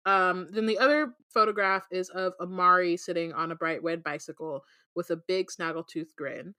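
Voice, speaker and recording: Bright-voiced woman podcast host. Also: fairly low pitch, normal speed, smooth, no room sound, studio quality. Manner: chatty, many fillers, laughs often. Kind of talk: casual book discussion.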